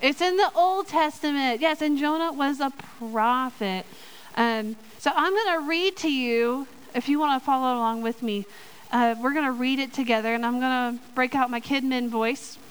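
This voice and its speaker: High, smooth-voiced woman preaching. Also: moderate pace, low-quality recording. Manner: lively and playful, with joking asides. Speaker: church speaker in children's ministry. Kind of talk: sermon with a Bible reading.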